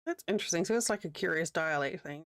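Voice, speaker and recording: A woman's voice: on the low side, fast, dry recording. Chatty New Zealand woman on a dry mic. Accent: New Zealand, with a slight American Southern tinge. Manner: chatty, rambling, laughs easily. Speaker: livestreamer. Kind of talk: casual chat while crocheting on stream.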